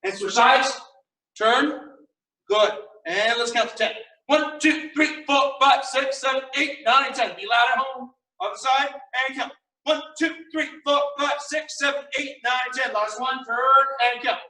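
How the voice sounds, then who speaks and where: A young man teaching a martial arts class online, firmly giving orders and counting warm-up drills aloud. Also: extremely high pitch, measured pace. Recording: echoey room, mic far off.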